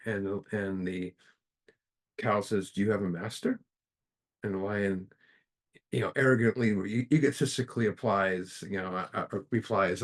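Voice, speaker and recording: A middle-aged man giving a casual spiritual talk at a study group, halting and filling pauses with "you know" as he tells a parable. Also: fairly low pitch, fairly even intonation. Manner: halting, with restarts and many fillers.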